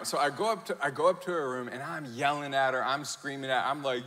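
A man in his thirties preaching a sermon, telling a family story with animated acted-out quotes and self-mocking laughter. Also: on the high side, normal speed. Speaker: pastor. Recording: long hall reverb.

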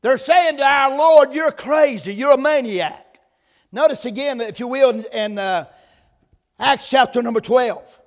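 High-voiced preacher in a reverberant church. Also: male voice, measured pace. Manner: builds from quiet prayer to loud emphatic preaching. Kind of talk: sermon. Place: church sanctuary. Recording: long reverb of a church hall.

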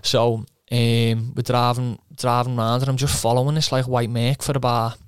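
Young footballer, chatty storyteller who swears, monotone voice, dry studio mic. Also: male voice, mid-range voice, normal speed, clear, resonant tone, dry recording. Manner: rambling, swears, quotes himself, laughs often. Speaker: footballer guest. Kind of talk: casual anecdote.

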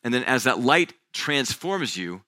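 A male pastor preaching a sermon, telling stories in a casual, conversational way, often dropping to a quiet, intense voice when he quotes someone. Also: medium pitch, very animated, unhurried, dry recording, studio quality. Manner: conversational storytelling with casual fillers.

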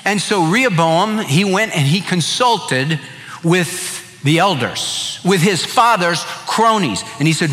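A middle-aged male pastor delivers a sermon full of folksy humor in a bright, slightly high-pitched voice. A long reverb trails each phrase, as in a large church hall. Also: expressive, slow pace.

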